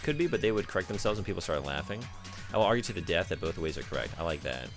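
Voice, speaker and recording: A man's voice: low voice, very animated, racing, over music. A man with a Southern US drawl chatting casually as a game streamer, rambling and self-deprecating. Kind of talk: casual gaming stream chat.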